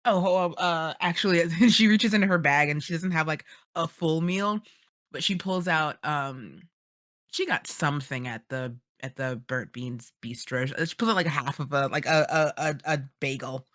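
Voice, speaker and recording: A woman's voice: low-pitched, normal speed, fairly bright tone, no echo, clean studio sound. A woman playing a tabletop role-playing game, chatty and hesitant with many fillers. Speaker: player. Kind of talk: casual tabletop play.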